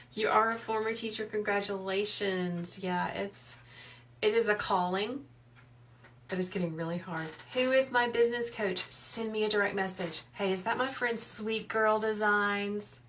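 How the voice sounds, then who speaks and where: A woman, hosting a live wreath-making tutorial in a soft, soothing, chatty way while she reads out viewers' comments. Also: mid-range voice, distant mic, a little hiss or hum. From South Carolina. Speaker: wreath maker and livestream host. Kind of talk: live craft tutorial chat.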